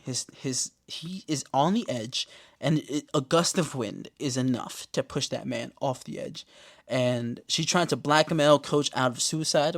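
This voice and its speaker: On a laid-back podcast recap, the male host jokes around and swears in loose slang, occasionally bursting into loud, high-pitched exclamations.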